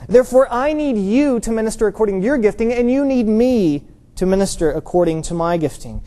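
A pastor preaching an earnest, emphatic sermon in church, lifting his voice to stress key points and dropping low for a story. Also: animated, brisk, dark tone.

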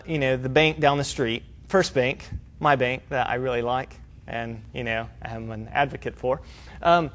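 A man preaching a sermon, explaining a passage in an earnest, emphatic teaching tone and asking rhetorical questions. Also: on the high side.

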